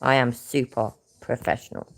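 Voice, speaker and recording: A woman with a British accent and a low voice reads out a news report and then reacts to it. She is blunt and sarcastic and swears freely. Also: flat delivery, normal speed, creaky. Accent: British English. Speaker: commentary channel host. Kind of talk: reacting to a news story and clip.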